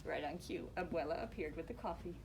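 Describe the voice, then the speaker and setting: A woman reading a picture book aloud to children, expressive and asking them questions. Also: deep voice, a little fast, vocal fry, background noise.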